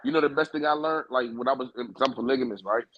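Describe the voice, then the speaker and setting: A man's voice: medium pitch, quick pace, no echo, lo-fi sound. A man telling a long story on a podcast, in loose, profane, casual chat. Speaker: podcast co-host.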